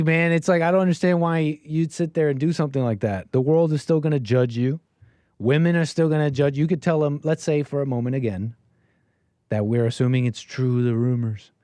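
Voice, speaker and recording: A man's voice: a little high, dark tone, no echo. A man hosting a call-in livestream, reacting to clips in casual, rambling commentary with many fillers and a sarcastic, dismissive edge. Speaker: livestream host taking calls.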